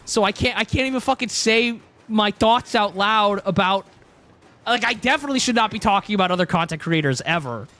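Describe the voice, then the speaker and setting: High-voiced man rambling to his stream chat. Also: lively intonation, fairly quick, bright, forceful tone. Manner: rambling, joking, talks to chat. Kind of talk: casual live-stream chat.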